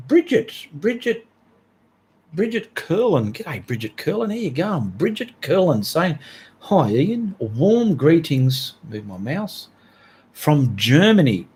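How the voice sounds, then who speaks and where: A man with an Australian accent hosting a casual art livestream, reading out viewer comments and thanking them in a chatty, cheerful way. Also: fairly high pitch. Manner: chatty, cheerful, reads names aloud and drawls thanks.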